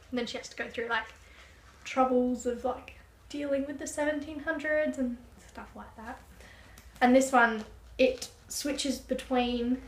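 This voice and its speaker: A young Australian woman chatting casually as a book vlogger, rambling, with frequent "like" fillers. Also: a little high. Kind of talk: casual chat. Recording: echoey room, faint background noise.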